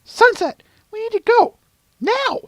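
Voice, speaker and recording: Guy squeaking out a worried young pony girl, falsetto way up high, dry sound. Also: sing-song, measured pace, bright, forceful tone, dry recording, full character voice, low-quality recording. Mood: urgent. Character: anxious young female pony heroine.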